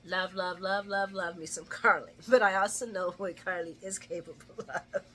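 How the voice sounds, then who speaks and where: A woman casually chatting through a recap of a soap opera episode, animated and laughing often. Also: mid-range voice, moderate pace, slight background noise.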